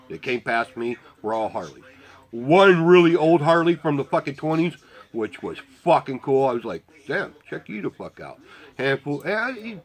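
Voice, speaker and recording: A man's voice: mid-range voice, a bit bright, low-quality recording. A man telling a story in a casual, rambling way, blunt and heavily profane. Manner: rambling with restarts. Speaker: volunteer motorcycle parade marshal.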